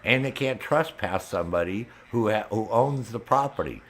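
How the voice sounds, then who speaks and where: A man's voice: lowish voice, animated, moderate pace, a bit bright, a little hiss or hum. Angry swearing man venting on stream. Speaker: game streamer. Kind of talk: casual chat while gaming.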